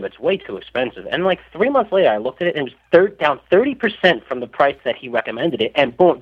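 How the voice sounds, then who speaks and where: A man's voice: medium pitch, phone-quality sound. A man talking about stocks as a podcast guest, rambling with many restarts and fillers. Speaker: stock newsletter writer, guest. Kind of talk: casual podcast chat.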